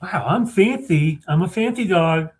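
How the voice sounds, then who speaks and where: A man's voice: expressive, a little slow, a little mellow, slightly rough, heavily acted. A man doing a sweet, eager old toy dog. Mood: proud. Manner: high, pleading little put-on voice.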